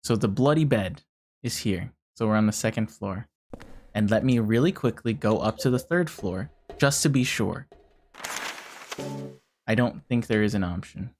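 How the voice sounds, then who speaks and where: A game streamer giving casual live commentary, talking a puzzle through out loud and swearing often in frustration. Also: mid-range voice, moderate pace, long pauses, soft background music.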